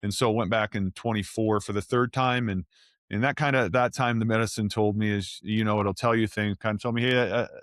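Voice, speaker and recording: A man's voice: fairly low pitch, brisk, no echo, clean studio sound. A man in his forties, a guest, telling his story in a casual interview and acting out the voices he quotes. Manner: animated storyteller who acts out quoted voices. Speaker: guest, former NFL offensive lineman.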